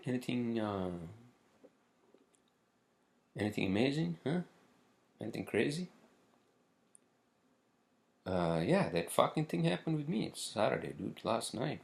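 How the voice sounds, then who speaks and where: A man hosting a casual solo show, rambling and swearing freely with plenty of halting. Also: medium pitch, big pitch swings, creaky. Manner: rambling, profane, halting with fillers. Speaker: podcast host.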